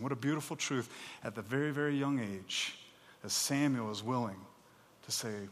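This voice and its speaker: A man's voice: mid-range voice, normal speed. A man preaching a sermon as pastor, emphatic and conversational, speaking plainly to the congregation with casual asides. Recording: long hall reverb.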